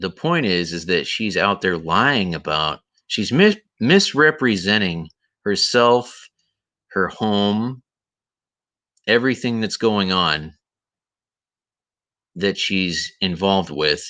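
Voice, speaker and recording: A man's voice: sits low, expressive, slow pace, long pauses, pushed and bright. A man hosting a livestream, ranting indignantly and repeating himself, with a voice he says is tired. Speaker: livestream host. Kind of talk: heated commentary livestream.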